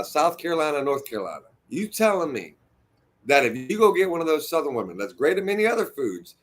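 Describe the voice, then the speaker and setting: A man delivering a heated, unscripted rant on his stream, full of swearing. His husky voice swings widely up and down in pitch as he rambles and restarts, trying to get his point across. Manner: restarts and repeats himself when worked up.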